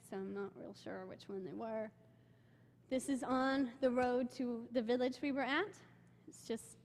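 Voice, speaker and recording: Chatty young woman in a reverberant church. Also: a little high. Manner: excitable storytelling, many "like" fillers. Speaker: church member giving a mission trip report. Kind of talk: informal talk with slides. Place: church sanctuary. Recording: long hall reverb.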